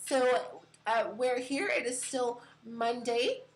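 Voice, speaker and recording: Casting: woman host, slightly high voice, casual stream chat full of uhs and light laughs. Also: slow, low-quality recording. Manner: chatty, many fillers and uhs, giggly.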